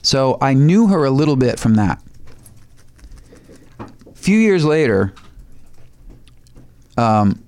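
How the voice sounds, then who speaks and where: Lively storytelling man, animated pitch. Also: takes it slowly, pauses often. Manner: animated, swears, laughs between bits. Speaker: guest musician. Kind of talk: casual storytelling.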